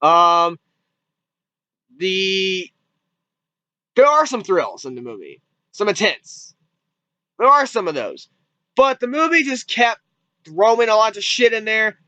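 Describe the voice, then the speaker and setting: A man talks through a movie review in a loose, rambling way, repeating himself and swearing offhand. His voice is high and bright, smooth and clear. The sound is dry and a little dull, like a lo-fi home recording. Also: very animated, measured pace, long pauses, no echo. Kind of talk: casual spoken review.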